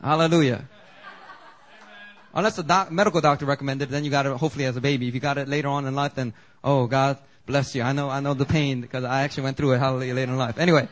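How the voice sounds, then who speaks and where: A man preaching a sermon as pastor in a church, animated and conversational, with quick asides to the congregation. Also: medium pitch, rough recording. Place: church sanctuary.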